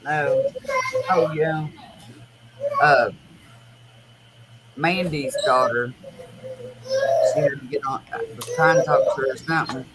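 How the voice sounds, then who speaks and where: In a noisy home recording, a low-pitched woman hosts a casual chat, taking it slowly with long pauses. Her stories ramble and are animated, told in everyday speech with colloquial grammar.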